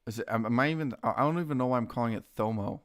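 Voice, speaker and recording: Young dude day trading on stream, hyped, chatty, normal mid voice. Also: male voice, mid-range voice, racing. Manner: excitable, talks to chat and his dogs, says dude a lot. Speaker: stock trading livestreamer. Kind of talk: casual live-stream chat.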